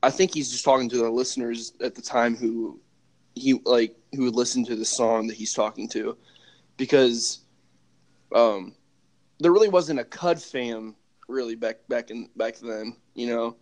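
A man co-hosting a casual podcast, talking in halting phrases with many restarts. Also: mid-range voice, darkish tone. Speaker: podcast co-host. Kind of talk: casual chat.

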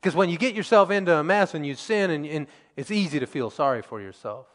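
A male preacher with a somewhat high voice delivers a sermon. He reads scripture and acts out the quoted lines, rising to emphatic peaks and then dropping to quiet asides. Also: animated, brisk, long reverb tail.

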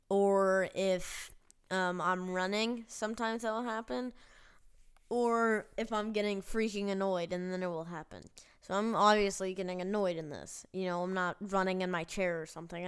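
A woman telling a personal story on her vlog in a rambling, halting way, with casual swearing. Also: mid-range voice, clean tone. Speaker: vlogger.

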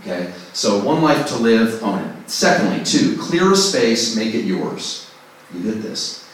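On the low side and very animated, this man's voice moves a little slowly, with a little hiss or hum in the recording. He gives a casual songwriting workshop talk to a group, picked up by a distant mic in a large, very echoey room. He's conversational, self-deprecating, and acts out inner voices.

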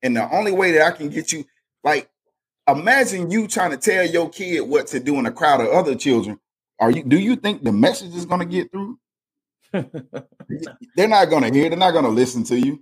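Guy preaching on a podcast, husky voice, tells stories with lots of emphasis. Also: a little high, lively intonation, moderate pace. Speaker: podcast co-host. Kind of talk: casual faith podcast chat.

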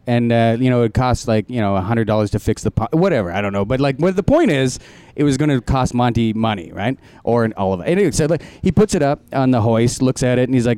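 A man's voice: mid-range voice, expressive, a little fast, a little mellow, clean tone, no room sound. A young man, a comedian, telling a rambling story in casual group chat, laughing often and acting out quotes.

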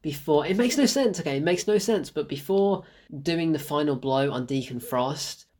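A man chats through a film review in a loose, casual way. He gets excitable, breaks into laughter often and repeats lines for emphasis. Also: on the high side, normal speed.

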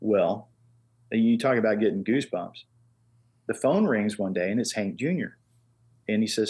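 An older man with a husky, somewhat low voice spins stories as a guest in a relaxed conversation. He talks in an animated way and slips into the voices of the people in his tales. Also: moderate pace, pauses often. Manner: animated storyteller who acts out quoted voices. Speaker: guest, master engraver. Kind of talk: casual storytelling.

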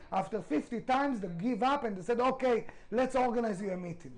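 A man's voice: very high voice, fairly quick, low-quality recording. A middle-aged man, a restaurant founder, telling his story in a podcast interview, emphatic, swearing freely, with non-native grammar.

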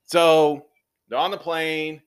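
A man co-hosting a casual movie review podcast who retells scenes with lively acted-out quotes. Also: on the high side, takes it slowly, smooth. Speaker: podcast co-host.

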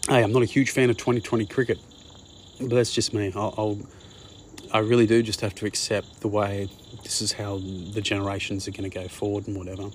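A man's voice: on the low side, flat delivery, brisk, a little hiss or hum. A man with an Australian accent, talking casually in a rambling monologue and often saying "mate". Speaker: podcast host.

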